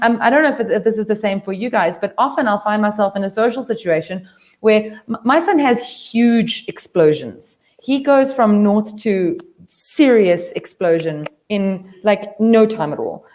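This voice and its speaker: An earnest woman from South Africa sharing stories in a relaxed panel chat. She rambles through long stretches, restarting sentences and leaning on fillers, at an ordinary middle pitch. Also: unhurried. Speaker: panel member. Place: video call.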